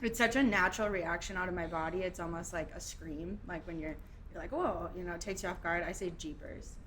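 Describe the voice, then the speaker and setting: A woman's voice: on the low side, fairly even intonation, fast, fairly bright tone, a little hiss or hum. A young woman from Minnesota with a Minnesota accent, chatting casually as a podcast guest, laughing often and trailing off into filler words. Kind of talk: casual chat.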